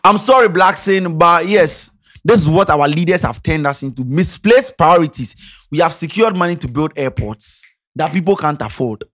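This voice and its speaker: A man's voice: a little high, expressive, normal speed, a bit bright. A Ghanaian man giving passionate, sarcastic social commentary, firing off rhetorical questions. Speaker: commentary vlogger.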